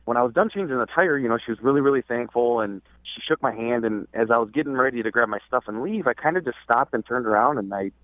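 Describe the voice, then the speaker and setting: A man's voice: mid-range voice, fast, few pauses, dry recording. A man calling in to a radio show, telling his story hesitantly with many fillers and restarts. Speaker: caller. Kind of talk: phone call to a radio show. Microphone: phone. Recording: phone line, dry.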